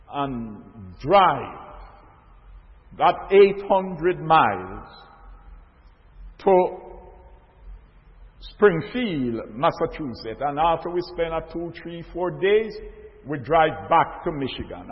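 An older man preaching a sermon, telling a story slowly and rising to loud, emphatic stresses. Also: on the high side. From Jamaica. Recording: echoey hall, dull lo-fi sound.

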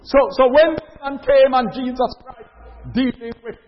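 A man's voice: very high voice, steady tone, normal speed. A man preaching a sermon, emphatic, stretching out the words he stresses. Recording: dull lo-fi recording with long hall reverb.

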